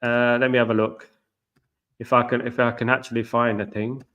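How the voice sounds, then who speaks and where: On a lo-fi recording, a middle-aged British football-channel host rambles at a moderate pace in a medium, somewhat bright voice with little pitch movement. His casual live-stream chat is repetitive, and he calls viewers guys.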